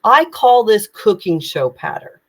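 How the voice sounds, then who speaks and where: A woman's voice: medium pitch, very animated, unhurried, husky. A woman communication coach giving tips in a live online session, speaking with energy, urgency and emphatic projection.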